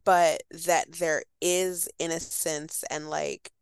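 A woman with a low voice and a gravelly edge, picking her way through her thoughts about a film. She talks in a loose, hesitant chat with plenty of "like" and restarts. The sound is smooth and dry, close to the mic. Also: steady tone, slow pace, no echo. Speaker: guest writer. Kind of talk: casual film discussion.

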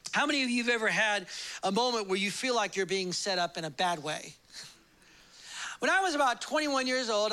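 A pastor in his thirties with a high-pitched voice preaches a sermon, captured on a low-quality recording. He animatedly tells a personal story, acting out the voices of the people in it.

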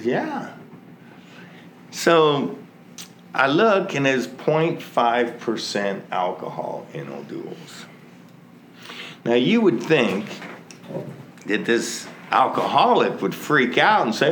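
A man shares his recovery story at an unhurried pace, his pitch rising and falling in lively swings as he mocks his old self. He laughs at his own foolishness, and there is clear background noise on the recording. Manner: slow, conversational, self-mocking with laughs. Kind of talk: storytelling testimony.

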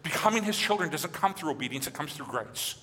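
A man from Michigan who preaches as a pastor, animated and acting out quotes in his sermon. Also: a little high, quick pace, in a large hall. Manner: animated, acts out quotes and voices.

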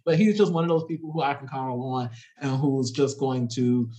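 A man sharing warm words in a relaxed conversation, halting often and laughing between phrases. His voice sits at an ordinary mid pitch. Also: poor audio. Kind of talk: casual chat among friends.

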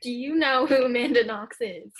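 A woman's voice: on the high side, moderate pace, a little hiss or hum. A teenage girl co-hosting a casual podcast, telling the story in a chatty, giggly way. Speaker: podcast co-host. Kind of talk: casual chat.

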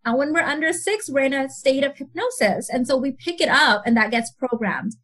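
A woman speaking as a guest mentor on a podcast, her voice sitting high. She talks in an animated way, slipping into quoted voices and laughing often. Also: brisk. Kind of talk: podcast interview.

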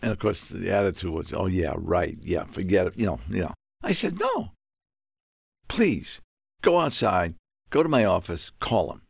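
An older man from Puerto Rico spins a long story in an interview. His voice sits low, gravelly and a little husky. He acts out every exchange, and his pitch jumps high when he gets worked up. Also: moderate pace, no room sound, clean studio sound. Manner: animated, acts out dialogue with sudden high-pitched outbursts. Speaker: guest.

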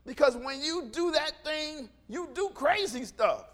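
A middle-aged man preaching a sermon, animated, swinging from quiet asides to shouts and acting out dialogue. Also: very high voice, measured pace. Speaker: pastor.

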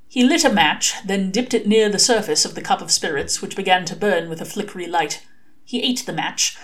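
A woman reading a short story aloud as an expressive audiobook narrator. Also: mid-range voice, brisk. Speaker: reader.

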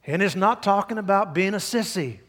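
Folksy preacher in a reverberant church. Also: male voice, high voice, animated, a little fast, a bit bright. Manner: folksy, emphatic preaching with mocking voices. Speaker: pastor. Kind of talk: sermon. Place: church sanctuary.

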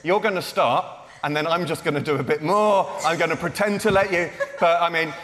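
A man's voice: on the high side, brisk, fairly bright tone. Self-mocking man in a big hall. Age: 40s. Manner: playful, self-mocking, teasing. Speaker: children's author. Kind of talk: comic talk to a young audience. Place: large lecture theatre. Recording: reverberant hall.

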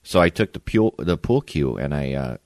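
Very deep-voiced man, laid-back. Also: expressive, moderate pace, darkish tone, no echo. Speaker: podcast co-host. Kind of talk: casual storytelling chat.

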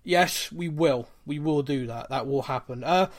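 Chatty West Country podcast co-host. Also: male voice, a little high, a little slow. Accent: West Country English. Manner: chatty, jokey, reads out listener questions. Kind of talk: casual podcast chat.

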